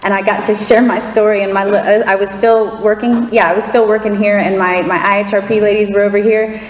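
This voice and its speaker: A woman's voice: mid-range voice, level tone, a little fast. A middle-aged woman giving a candid, laughing, fervent personal testimony to an audience. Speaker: testimony speaker. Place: large hall before an audience. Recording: echoey hall with faint crowd and noise.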